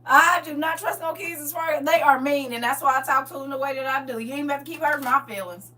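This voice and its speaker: Hosting a livestream, a middle-aged woman chats casually about her family, laughing and animated as she addresses viewers directly in colloquial speech. Her voice is high and her delivery brisk. The recording has a faint hum from a distant microphone.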